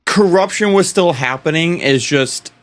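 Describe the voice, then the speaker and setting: A man's voice: a little high, a little slow. A young man co-hosting a history podcast, rambling with false starts, laughing often and swearing. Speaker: podcast co-host. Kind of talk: casual history podcast chat.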